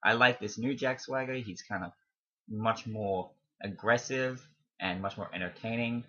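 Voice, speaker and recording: Young male vlogger, casual and rambling, bright forceful tone, dull lo-fi home mic. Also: fairly low pitch, unhurried. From not from America. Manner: chatty, rambling with fillers and self-amused asides. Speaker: wrestling fan vlogger. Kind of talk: casual predictions vlog.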